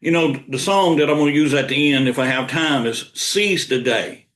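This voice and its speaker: A man's voice: a little high, moderate pace, a bit bright. An older man giving a motivational sales coaching talk, repeating key lines for emphasis. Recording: roomy echo.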